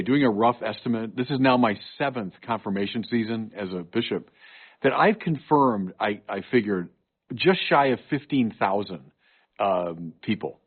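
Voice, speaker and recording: A man's voice: medium pitch, breathy edge. A man in his sixties, a bishop and guest on a talk show, speaking earnestly and telling stories with emphasis. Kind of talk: conversational podcast chat. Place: home studio. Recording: narrow phone-like sound.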